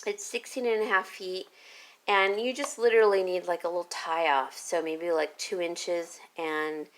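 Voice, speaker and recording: A woman's voice: on the low side, steady tone, normal speed. A woman vlogger chatting casually about a garden haul, rambling and correcting herself as she goes. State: hiccups. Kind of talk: casual chat.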